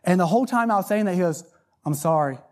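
A man's voice: sits high, racing, a little mellow. A man giving a folksy sermon testimony, telling a story and often repeating words as he starts phrases. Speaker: lay preacher.

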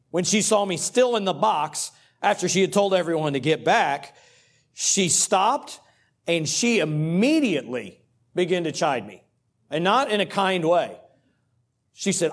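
Pastor telling a story. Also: male voice, sits high, normal speed. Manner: conversational storytelling, animated. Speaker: pastor and cross-country coach. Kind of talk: sermon with a personal story.

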